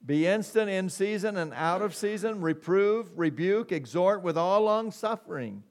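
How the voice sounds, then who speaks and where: A man's voice: high voice, expressive. A middle-aged man preaching a sermon as pastor, emphatic and calling for "amen" from the congregation. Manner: slow, emphatic preaching with call-and-response "amen".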